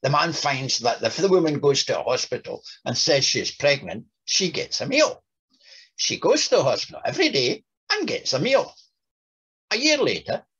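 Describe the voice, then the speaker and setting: A man giving a talk on a writer, reading passages aloud with lively voices. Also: on the high side, slightly rough, muffled recording. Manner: reads quotes with lively voices. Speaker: lecturer.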